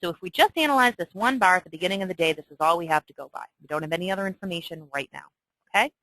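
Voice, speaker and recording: A woman talks through a trading chart as a lesson, with a bright, forceful voice that sits a little low. She keeps asking "okay?" and breaks into excited asides. The recording is dry and close, with no room sound. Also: rapid-fire, no echo, rough recording. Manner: chatty, frequent "okay?" check-ins, excitable asides. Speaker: trading instructor. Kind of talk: screen-share lesson walkthrough.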